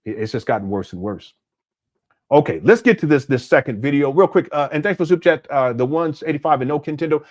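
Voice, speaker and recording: A man hosting a casual live-stream commentary, talking in a rambling, animated way with frequent restarts and crude language. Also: on the high side, quick pace. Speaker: commentary channel host.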